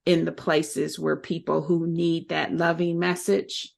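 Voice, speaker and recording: A woman hosting a podcast, her voice sitting low with a gravelly edge. She affirms her guest often and asks her questions in an encouraging way. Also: level tone, measured pace. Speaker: podcast host. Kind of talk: podcast interview.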